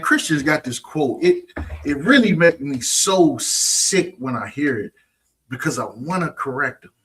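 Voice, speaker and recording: On a streamed scripture lesson, a man teaches in a preachy, mocking tone and keeps asking "you understand?" to check on his listeners. His voice is fairly high, pushed and bright, with a breathy edge.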